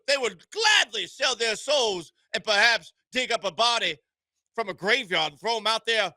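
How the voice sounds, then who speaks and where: A man's voice: very high voice, sharp tone, no room sound, exaggerated voice. A man voicing a blustering Southern trial lawyer with a put-on American Southern drawl, declaiming in pompous outrage. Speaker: radio host.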